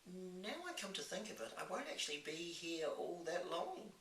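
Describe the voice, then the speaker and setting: A man voicing a small, plucky orphan girl in a quick, high, clipped voice. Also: very animated, a bit bright, full character voice. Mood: matter-of-fact. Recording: roomy, distant mic, faint hiss.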